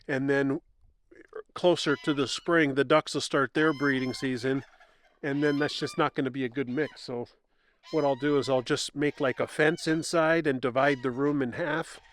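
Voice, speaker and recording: A man vlogging casually while walking around his farm, chatting to the camera and to his animals outdoors. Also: fairly high pitch. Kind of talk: casual walk-and-talk vlog. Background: turkeys gobbling and poultry sounds.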